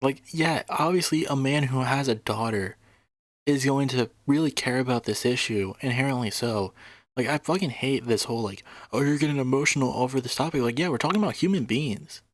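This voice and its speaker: A man's voice: mid-range voice, normal speed, no room sound. A man commenting casually on a debate clip, indignant and swearing freely. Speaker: reaction video host.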